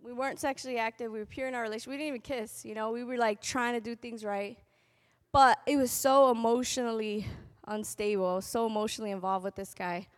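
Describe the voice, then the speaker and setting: A young adult woman giving a spoken testimony at a convocation, telling her story with animated delivery and acting out what people said. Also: on the high side, fast. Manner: animated storytelling, acting out quotes in shifting voices. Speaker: convocation speaker. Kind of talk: testimony talk to an audience.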